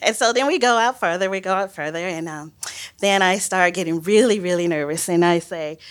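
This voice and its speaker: A woman from Mississippi tells a personal story on stage in an animated, self-mocking way. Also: fairly low pitch, a little fast. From Mississippi, USA. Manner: animated and self-mocking, acts out quoted voices. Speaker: storyteller, biologist.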